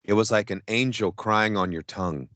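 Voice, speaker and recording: A man's voice: lowish voice, moderate pace, no echo. A man co-hosting a podcast, telling a rambling story in casual, profane chat and acting out his own quotes. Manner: animated, profane, acts out quotes. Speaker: podcast co-host.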